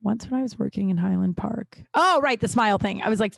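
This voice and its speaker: A woman's voice: medium pitch, normal speed, creaky, no echo. A woman hosting a podcast in a casual monologue, blunt and profane, ranting and going off on tangents. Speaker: podcast host.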